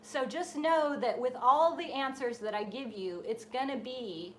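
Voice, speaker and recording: A woman with a slightly high voice tells a story live to her creative group. She talks casually and acts out the voices in her anecdotes. A faint hiss runs under the stream. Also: a little slow, a bit bright. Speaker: host of a painting and design group. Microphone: live stream setup.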